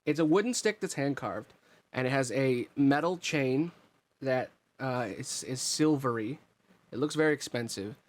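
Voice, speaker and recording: A man runs a tabletop game, narrating events in an easygoing, wandering way. His voice sits at an ordinary middle pitch, and he pauses often to pick his words. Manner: relaxed, meandering narration with fillers. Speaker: game master.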